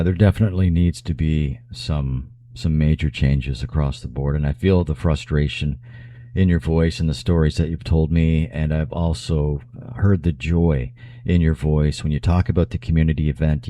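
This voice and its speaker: A man hosting a radio talk show, asking measured, deliberate questions of his guest. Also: rumbling low, fairly even intonation, dark tone, no room sound, clean studio sound. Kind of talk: radio interview.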